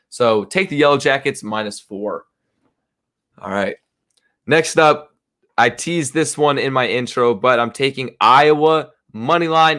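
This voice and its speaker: A man's voice: mid-range voice, bright, forceful tone. A young man hosts a sports betting segment in his natural speaking voice. He talks casually and confidently through his picks, with loose fillers and conversational asides. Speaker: sports betting show host.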